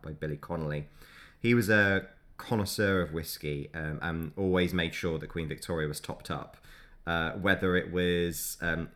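A man's voice: deep voice, a bit bright. A man co-hosting a podcast, casually explaining history in a chatty storytelling way. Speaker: podcast co-host.

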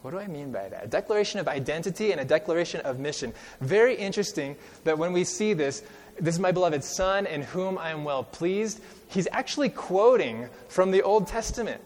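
A male preacher giving a sermon, reading scripture slowly and with emphasis and quizzing his listeners as he goes. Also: a little high, expressive. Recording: long reverb of a large hall.

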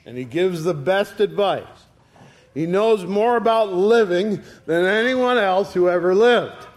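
A man's voice: high voice, expressive, unhurried. An older retired man preaching a sermon in a folksy storytelling way, giving quoted lines a dramatic reading. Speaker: pastor.

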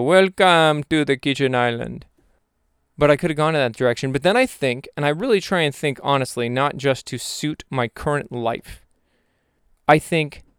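A man's voice: mid-range voice, clear, resonant tone, dry recording, studio quality. A young man rambling through a reflective vlog monologue, questioning himself aloud with jokey asides. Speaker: vlogger.

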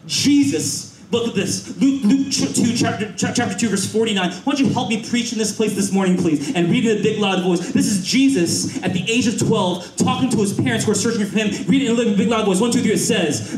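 High-voiced male pastor preaching in an echoey hall. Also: fairly quick, hardly any pauses. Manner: energetic, repetitive call-and-response preaching; switches to Mandarin phrases. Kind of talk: sermon. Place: church auditorium. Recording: echoey church auditorium.

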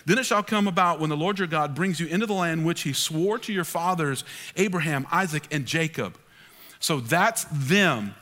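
A middle-aged man, preaching a sermon as pastor, emphatic and animated. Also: a little high, normal speed. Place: large church hall. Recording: long hall reverb.

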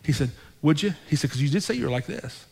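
A male pastor telling a story in a sermon, acting out both sides of the conversations with lively shifts in his voice. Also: fairly high pitch, fast talker, gravelly, slightly rough. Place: church sanctuary. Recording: long hall reverb.

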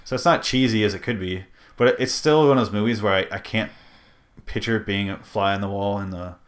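A man's voice: fairly low pitch, a little fast. A man hosting a casual movie podcast, rambling and joking, swearing freely. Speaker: podcast host.

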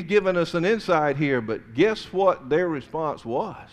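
A man preaching a sermon, swinging between loud emphasis and hushed tones. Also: on the high side, animated, measured pace.

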